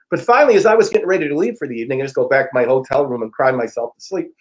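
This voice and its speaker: A middle-aged man, an interview guest and personal growth teacher, telling a story in a frank, profane, animated way and acting out the dialogue. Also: medium pitch, racing, few pauses, rough recording. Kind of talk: casual storytelling.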